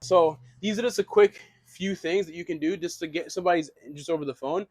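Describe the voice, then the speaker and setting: A man's voice: fairly high pitch, fast talker, darkish tone, no room sound. A young man teaching real estate wholesaling in a casual, rambling way, with frequent restarts and casual swearing. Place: small room, writing on a board.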